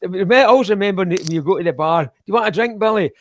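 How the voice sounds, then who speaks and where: A man's voice: high-pitched, quick pace, no room sound, clean studio sound. A Scottish man in his sixties, a former band member asking questions and adding wry remarks in casual chat, swearing casually.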